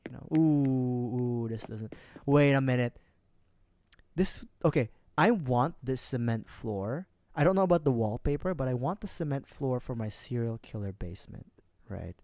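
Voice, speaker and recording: A streamer giving relaxed, joking commentary over a cozy game. The voice sits at a middling pitch and often sinks into hushed, conspiratorial mutters. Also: normal speed, dry recording, clean studio sound. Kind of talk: casual gaming livestream commentary.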